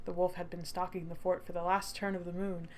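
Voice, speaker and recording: A woman voicing a calm, gentle male warrior who rescues someone, speaking in an even, measured tone. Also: fairly low pitch, a little hiss or hum, close to an everyday voice. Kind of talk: reading game dialogue aloud.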